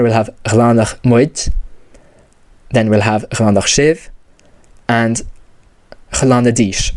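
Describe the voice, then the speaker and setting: A man gives a step-by-step grammar lesson, patient and repetitive, dropping "you know" and "okay" as he goes. His voice is low-pitched and mellow. The recording is dry and close, with no room sound. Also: dry recording. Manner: patient, repeats key terms, many fillers like "you know" and "okay". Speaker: language teacher. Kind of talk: explanatory lesson.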